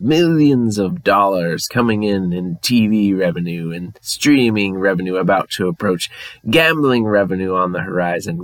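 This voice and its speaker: A man's voice: on the low side, no echo. Man doing a scolding English ghost. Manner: lecturing, scolding. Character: stern old male ghost of a baseball owner.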